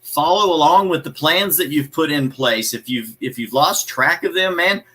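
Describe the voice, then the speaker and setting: Emphatic man with a bright voice. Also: a little high, normal speed, rough recording. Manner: emphatic, preachy, repeats key phrases; greets viewers' comments by name. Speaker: motivational show host. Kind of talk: live motivational talk.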